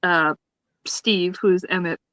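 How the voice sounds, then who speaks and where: A woman's voice: on the low side, steady tone, slow pace, a bit bright, no echo, rough recording. A woman co-hosting a podcast, retelling a sitcom episode in casual chat, acting out the characters' lines and laughing often. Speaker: podcast co-host reviewing a sitcom.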